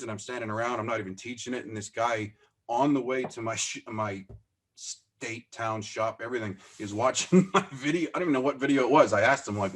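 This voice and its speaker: A man's voice: medium pitch, fairly quick, husky. A man, a podcast guest and business owner, telling stories in a casual interview, acting out the dialogue and laughing at himself as he goes. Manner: animated, acts out quoted dialogue; self-deprecating, laughs as he talks.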